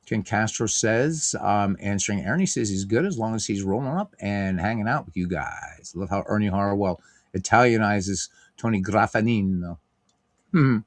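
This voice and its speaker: A middle-aged stream host with a fairly low pitch gives casual play-by-play of a tabletop baseball game, recorded at studio quality with no room sound. He chats with viewers in a rambling way full of fillers, reading their comments and replying.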